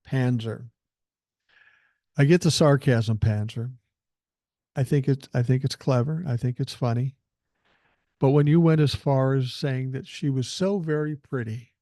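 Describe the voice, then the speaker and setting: A man's voice: medium pitch, dark tone, no echo, studio quality. An older man hosting a political podcast, reading listener emails aloud and answering them in a blunt, emphatic way that includes swearing. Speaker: podcast host.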